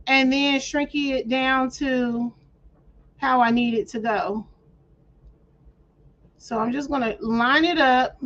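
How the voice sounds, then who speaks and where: A woman hosting a casual craft tutorial, walking viewers through each step in a chatty way, with playful slang and frequent throat clearing. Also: high-pitched, fairly bright tone. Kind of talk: casual screen-share tutorial. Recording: dull lo-fi audio.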